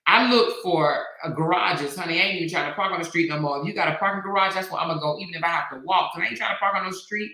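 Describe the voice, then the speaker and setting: A woman's voice: fairly low pitch, pushed and bright, reverberant. A middle-aged woman hosting a casual live stream, chatty and slangy, reading viewer comments aloud. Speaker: host.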